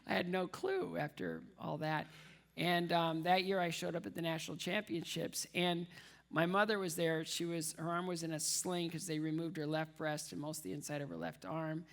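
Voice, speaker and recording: A man speaks as a dinner guest with a gravelly, slightly rough edge to his voice. He tells his story with self-deprecating humor and sharp comic timing, leaning on repetition for laughs. He also slips into the voices of the people he quotes. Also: fairly high pitch, steady tone, moderate pace. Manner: acts out quoted voices of others. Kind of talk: humorous personal storytelling speech.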